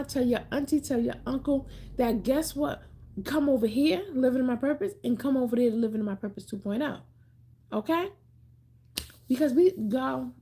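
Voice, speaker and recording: Chatty woman on a livestream, kinda high, mellow husky voice, playful, repeats stuff. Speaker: livestream host. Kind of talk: casual livestream chat reading viewer comments.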